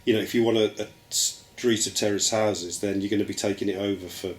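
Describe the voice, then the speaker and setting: Low-voiced man in echoey room. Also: fairly even intonation, fairly quick. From Birmingham, England. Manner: thoughtful, hedges with "I mean" and "I think". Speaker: interviewee, television writer. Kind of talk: reflective interview answers. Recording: echoey room with faint ambient noise.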